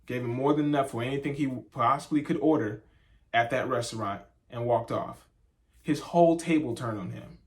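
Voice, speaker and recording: Young man, casual couple's vlog chat, animated storyteller, mid-range voice. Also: mid-range voice, moderate pace. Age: young adult. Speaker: vlogger, husband.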